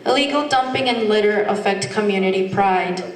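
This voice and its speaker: A woman's voice: medium pitch, normal speed. A woman moderating a candidate forum in a friendly, procedural way. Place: community meeting hall. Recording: echoey hall from far off.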